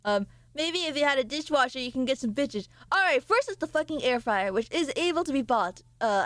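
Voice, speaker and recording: A woman's voice: on the high side, no room sound. A woman streamer chatting casually with her live chat, swearing and laughing as she reacts to messages.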